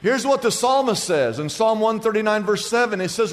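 A male pastor delivers a sermon, mixing scripture with jokes and stories and asking the crowd for amens. His voice sits high for a man. The sound carries a long hall reverb. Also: animated, fairly quick, hardly any pauses. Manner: humorous storytelling preacher, asks the congregation for amens.

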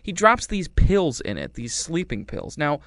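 Give me a man chatting loosely about a family film, wry and rambling, popping into silly voices for the characters. His voice is smooth and clear, recorded dry and close with no room sound. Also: a little high, wildly swooping pitch, unhurried, a bit bright, no room sound. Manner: rambling, wry, acts out quotes. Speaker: movie reviewer. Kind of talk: casual chat.

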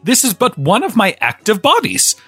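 A performer voicing a boastful, drunk old gnome headmaster in a comedic audio drama, swaggering between sly mutters and loud outbursts. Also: mid-range voice, wildly swooping pitch, moderate pace, slightly rough, no room sound, faint music behind, full character voice.

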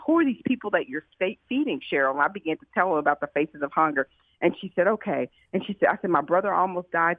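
A woman who founded a food pantry, telling her stories in an interview with excited, animated energy and lots of quoted dialogue. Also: lowish voice, no room sound. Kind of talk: storytelling in an interview. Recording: tinny phone-like line, dry.

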